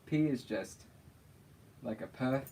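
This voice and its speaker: A man leads a laid-back livestream lesson on a made-up alphabet, speaking very slowly. He is playful and laughs easily between letters. Faint background noise sits under his voice. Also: medium pitch, warm tone. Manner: slow, playful, often laughing. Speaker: teacher of an invented alphabet.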